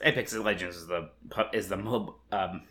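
A man's voice: low-pitched, normal speed, pushed and bright. A man co-hosting a podcast in casual chat, joking and teasing his co-host.

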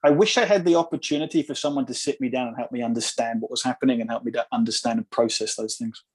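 Husky English man in his thirties, podcast guest; halting, reflective, slight American twang creeping in. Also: mid-range voice. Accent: English, with an occasional American twang. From England. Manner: reflective, halting, with frequent restarts. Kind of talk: casual conversation.

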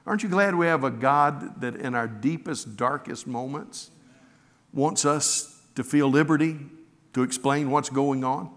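A man's voice: a little high, unhurried, a bit bright. Man preaching in a reverberant hall. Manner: earnest storytelling, repeats words when restarting. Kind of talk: sermon with scripture reading.

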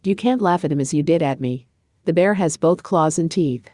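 A woman's voice: deep voice, moderate pace, warm tone, no echo, studio quality, close to an everyday voice. A woman voicing a vain, fierce-looking male leopard who snarls his lines. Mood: snarling.

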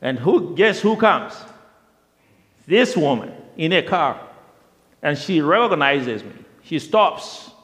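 A man telling a personal testimony in a lively storytelling way, often repeating himself, with the long reverb of a large hall. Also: on the high side, takes it slowly, pauses often. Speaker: speaker sharing a testimony.

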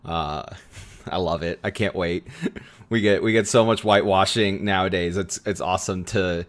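A man's voice: deep voice, steady tone, moderate pace. A man hosting a casual film podcast, chatty, with frequent laughs and many fillers. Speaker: podcast host.

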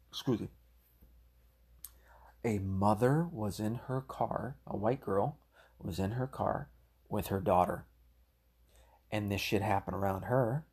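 A low-voiced man rants through his commentary, heated and rambling, cursing freely. His voice is gravelly and husky. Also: slow pace, long pauses, a little mellow. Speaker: political commentator. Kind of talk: ranting solo commentary.

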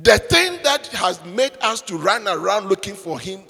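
Animated preacher in an echoey hall. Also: male voice, high-pitched, moderate pace, creaky, husky. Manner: animated and humorous, swings from shouting to near whisper. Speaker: pastor. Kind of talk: sermon. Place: church.

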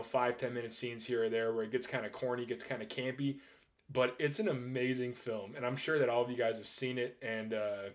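A young man in his twenties chats in an easygoing, rambling way, restarting his sentences and swearing freely as he gets excited. His voice sits at a middling pitch and he talks like he is riffing with friends. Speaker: movie reviewer. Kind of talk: casual ranking chat.

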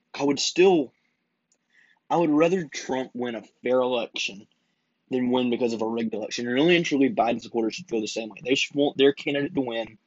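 A man's voice: medium pitch, dry recording. Indignant young man ranting. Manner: indignant, argumentative, rhetorical questions. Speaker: podcast host. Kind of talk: political opinion monologue. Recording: dull, dry lo-fi audio.

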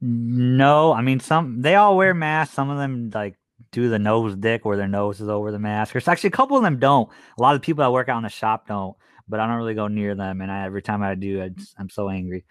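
A man's voice: on the low side, fast talker, clean tone, no echo, studio quality. A young man co-hosting a podcast, chatting in an easygoing, teasing and candid way. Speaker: podcast co-host. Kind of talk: casual chat.

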